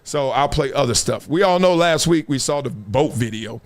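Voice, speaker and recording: A man's voice: mid-range voice, lively intonation, moderate pace. A middle-aged man hosting a live-streamed sports talk show, preaching in loose slang with a lot of animation. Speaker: show host.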